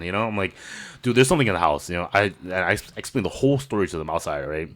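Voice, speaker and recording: A man, a podcast host and native Hmong speaker, telling a story in a casual, animated way, swearing often and keeping the listener hooked. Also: sits low, very fast. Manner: animated, profane, keeps saying "you know what I'm saying".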